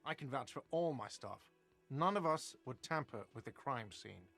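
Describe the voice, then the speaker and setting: A man's voice: mid-range voice, animated, normal speed, creaky, a bit bright, faint music behind. A man voicing a grumpy, put-upon cafeteria manager in a video game, curt and sarcastic.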